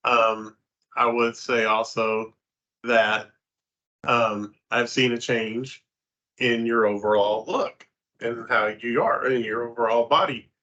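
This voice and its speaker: Bright-voiced man in a dull recording. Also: medium pitch. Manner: relaxed, halting, with fillers. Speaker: vlog host. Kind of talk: casual chat. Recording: dull lo-fi sound.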